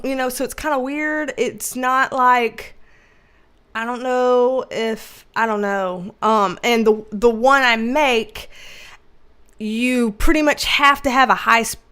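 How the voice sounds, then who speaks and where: A woman hosts a casual livestream, reading the chat aloud in a high-pitched, smooth voice. She's loud and animated, laughing and swearing often.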